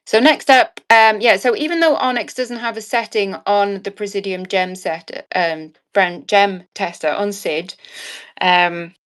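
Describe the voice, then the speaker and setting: A woman's voice: medium pitch, measured pace, a bit bright. A woman running a live online jewellery auction, chatting in a bubbly, rambling way, with cheeky asides and frequent laughs. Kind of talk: chatty live-stream selling.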